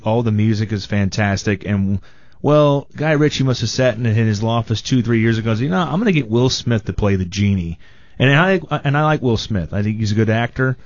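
A man chatting as a film critic guest on a radio show, animated and mock-quoting people. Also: mid-range voice, muffled recording. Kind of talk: casual radio banter.

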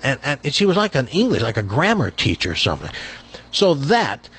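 A husky older man with a faint trace of Tennessee in his speech chats with a host's ease. His voice swings up and down as he tells folksy stories. He stumbles and repeats himself as he starts each thought. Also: mid-range voice, wildly swooping pitch, moderate pace, fairly bright tone. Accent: faint Tennessee Southern. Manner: folksy storyteller, chuckles, repeats words when starting a thought. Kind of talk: casual chat.

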